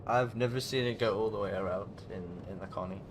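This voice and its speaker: A man's voice: on the low side, steady tone, brisk, background noise. A man chatting casually and rambling as he streams a space trading game from home. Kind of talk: casual chat while gaming.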